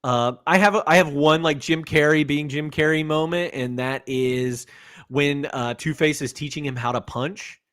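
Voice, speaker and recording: A man's voice: on the high side, normal speed, a bit bright, no echo, clean studio sound. A man co-hosting a casual movie-review podcast, rambling, with lots of fillers and restarts. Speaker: podcast co-host.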